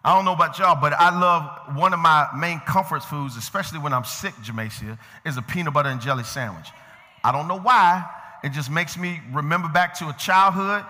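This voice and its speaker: A male pastor preaching a sermon, moving from easy conversational talk to shouted emphasis and calling out to members of the congregation by name. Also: on the high side, brisk. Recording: long reverb of a large hall.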